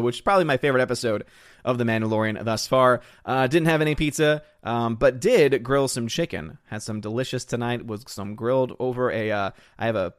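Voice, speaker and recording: A man in his thirties chats on a live stream, upbeat and loose, reading out viewers' comments with playful little voices. His voice sits at an ordinary middle pitch. It is recorded close and dry, with no room sound around it. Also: no room sound. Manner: chatty, upbeat, reads chat aloud with playful voices. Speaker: livestream host.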